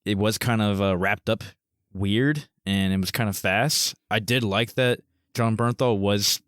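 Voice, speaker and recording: Man, lowish voice, relaxed movie recap, dry close mic, podcast chat. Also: measured pace, no room sound. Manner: easygoing, hesitant with fillers while summarizing. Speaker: podcast co-host. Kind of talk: casual movie discussion.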